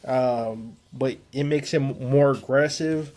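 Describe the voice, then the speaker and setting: A man's voice: medium pitch, slow pace, mellow. A man co-hosting a casual podcast, chatting about old movies in a laid-back way with casual swearing. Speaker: podcast co-host. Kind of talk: casual movie-review chat.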